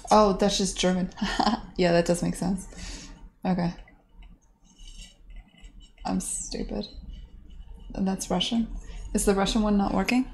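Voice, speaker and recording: A woman indie game developer chatting casually with her live-stream viewers, excitable and swearing freely as she mutters to herself. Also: medium pitch, moderate pace, pauses often, slight background noise.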